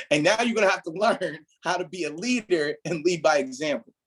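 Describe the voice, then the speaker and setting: A man's voice: on the high side, normal speed, fairly bright tone, breathy edge, low-quality recording. A man leading a motivational training talk for his team as their mentor, emphatic and preachy, often checking in with "right?". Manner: emphatic, repeats "right?", preachy build-ups.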